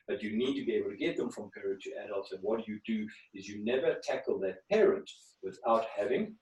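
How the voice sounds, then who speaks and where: A man teaching communication skills in an online class, often checking in with his listeners through rhetorical questions. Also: lowish voice. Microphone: video call. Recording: echoey room over a video call.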